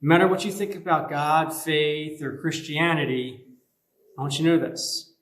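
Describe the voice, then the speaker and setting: A man's voice: on the high side, steady tone, normal speed, a bit bright. Man preaching a casual youth sermon, echoey. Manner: casual, conversational preaching with modern comparisons. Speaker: youth pastor. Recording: echoey room.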